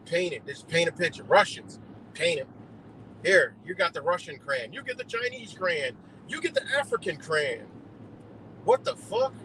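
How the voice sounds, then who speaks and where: A man's voice: on the high side, expressive, normal speed, sharp tone, slight background noise, low-quality recording. A man ranting heatedly and profanely in a rambling live monologue, streaming from a car on the road. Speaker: livestreamer.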